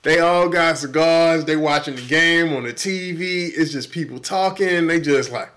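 Animated, profane podcast storyteller man. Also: a little high, normal speed. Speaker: podcast co-host. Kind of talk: casual storytelling chat.

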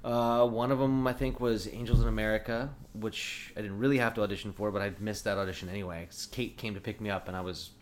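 A man's voice: fairly low pitch, fairly even intonation, fast talker, few pauses. A middle-aged man telling a long personal story in casual talk, full of "like" and restarts. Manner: rambling, lots of "like". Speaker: guest. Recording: faint background noise.

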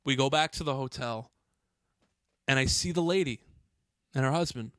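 A man, host of a podcast, telling a heated, profane story in an excitable way. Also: mid-range voice, normal speed, no echo.

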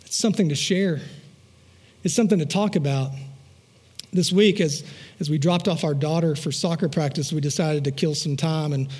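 A man's voice: on the high side, normal speed, darkish tone, slightly rough. A male pastor preaching a sermon, telling personal stories in a chatty way with asides to the congregation and repeated rhetorical phrases. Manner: conversational storytelling with asides to the congregation.

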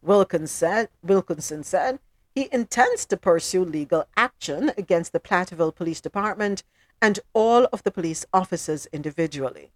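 A woman hosting a podcast who reads out news stories and then comments on them loudly and emphatically. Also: on the low side, lively intonation, moderate pace, no room sound. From South Florida. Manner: reads news items evenly, then gets loud and emphatic in her opinions. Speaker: podcast host. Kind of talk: news recap with personal commentary.

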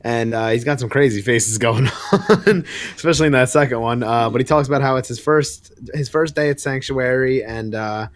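A man's voice: mid-range voice, moderate pace, no room sound. A man co-hosting a podcast, casually recapping a comic book with laughs and exasperated asides. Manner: animated retelling, laughs often, exasperated asides. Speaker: podcast co-host.

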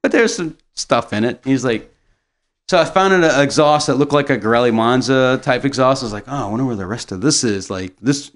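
A young adult man telling a rambling, animated story in casual chat, swearing and laughing often. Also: medium pitch, fairly quick.

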